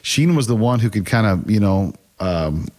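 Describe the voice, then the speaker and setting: Expressive and a little mellow, this lowish male voice moves at a moderate pace. He's a middle-aged guest who teaches a faith class, recounting stories earnestly and conversationally while sometimes stammering and starting over.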